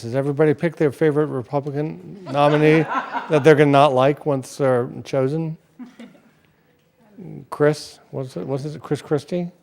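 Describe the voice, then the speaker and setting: A man's voice: mid-range voice, creaky, a little mellow. A man hosting a comedy show, bantering casually with the audience in rambling, joking asides. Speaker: show host.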